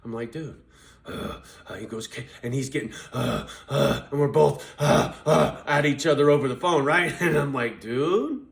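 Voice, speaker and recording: A man's voice: mid-range voice, normal speed, vocal fry. A man tells a rambling story straight to his camera, cursing freely as he goes. He acts out both sides of his conversations and keeps coming back to owning his mistakes, in an easy confessional tone. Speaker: vlogger. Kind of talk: casual storytelling monologue.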